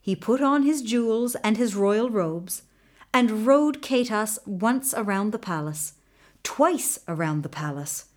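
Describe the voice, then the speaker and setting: A woman tells a folktale aloud, pacing her words slowly and deliberately. Her pitch is fairly high and rises and falls expressively across each sentence. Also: animated, a little mellow. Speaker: storyteller. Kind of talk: folktale storytelling.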